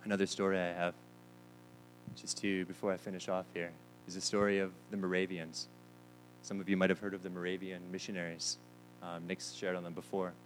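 A man's voice: low voice, little pitch movement, brisk, soft background music, low-quality recording. A man preaching a sermon, telling stories and acting out the lines of the people in them. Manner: storytelling with quoted voices, repeats words. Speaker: pastor.

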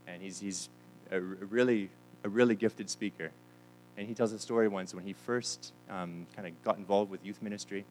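A man's voice: lowish voice, steady tone, normal speed, darkish tone, faint music behind, low-quality recording. A man preaching a sermon, telling stories and acting out the lines of the people in them. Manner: storytelling with quoted voices, repeats words. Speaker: pastor.

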